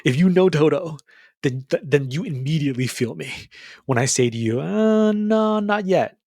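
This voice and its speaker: A young man talking casually to his viewers, rambling and stammering through restarts, animated and full of bro slang. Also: medium pitch, a little fast, husky, no room sound, studio quality. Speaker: YouTuber. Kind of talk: casual monologue to camera.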